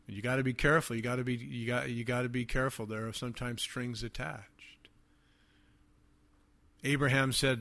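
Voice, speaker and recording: A man preaching a sermon, emphatic and repetitive, often dropping to quiet asides. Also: medium pitch, level tone, normal speed, creaky, pauses often. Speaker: pastor.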